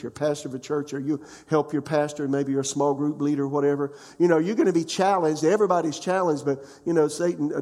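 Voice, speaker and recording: Pastore anziano, predica colloquiale, voce alta, sala riverberante. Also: male voice, on the high side, darkish tone, long reverb tail. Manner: conversational preaching, asks the congregation questions. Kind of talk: sermon.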